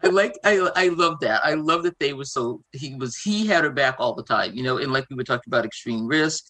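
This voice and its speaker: A woman with a Boston accent chatting as a podcast host, animated and laughing often as she acts out quotes. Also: extremely low pitch, fairly quick. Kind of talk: casual fan chat.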